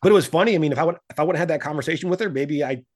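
Fast-talking man, animated storyteller. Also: a little high. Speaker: podcast guest, investing coach. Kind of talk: casual interview talk.

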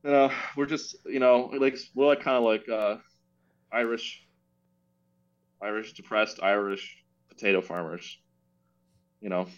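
A man's voice: on the low side, steady tone, measured pace, long pauses, dull audio. A young man co-hosting a comedy podcast, wry and self-deprecating, often restarting his sentences. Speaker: podcast co-host. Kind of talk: casual comedy chat.

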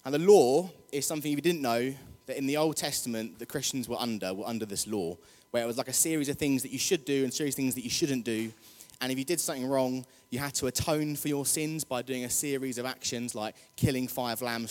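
A man's voice: mid-range voice, quick pace, hardly any pauses, darkish tone. A man preaching a casual, jokey sermon, chatty and rousing the congregation. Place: church hall. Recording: long hall reverb.

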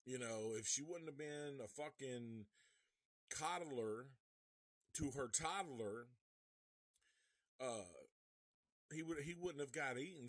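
Slow, rambling, profane man. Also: medium pitch, dry recording. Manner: rambling, profane, restarts often. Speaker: movie reviewer. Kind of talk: casual live movie review.

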